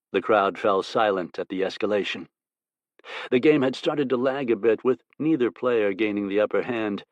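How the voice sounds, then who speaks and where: A man narrating an audiobook in a steady, measured way. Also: on the low side, no echo.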